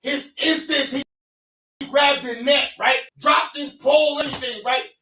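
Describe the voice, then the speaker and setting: Podcast storyteller, man, high bright voice, heated and profane, echoey room, off-mic. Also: fairly even intonation, measured pace, distant mic. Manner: profane, heated, accusing, swings between low mutters and shouting. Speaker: podcast host telling a story. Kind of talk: animated storytelling to a friend.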